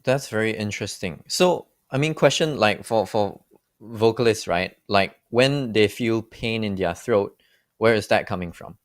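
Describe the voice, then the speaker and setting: A man's voice: lowish voice, unhurried, dry recording, studio quality. A man who is a beatboxing guest on a reaction show, chatting casually and peppering his sentences with fillers. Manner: loose, filler-heavy, lots of "like". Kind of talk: casual chat.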